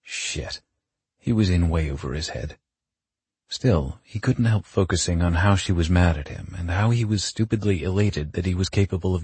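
A male audiobook narrator with a deep, very husky and breathy voice reads in a wry, measured way. The recording sounds close and completely dry. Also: darkish tone, no echo. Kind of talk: scripted narration.

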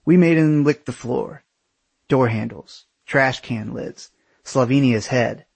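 A husky-voiced man tells a personal travel story in first person, with a wry, sardonic edge. His pitch sits in an ordinary middle range, and the recording is dry and close, with no room sound. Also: no echo. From United States. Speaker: memoir narrator.

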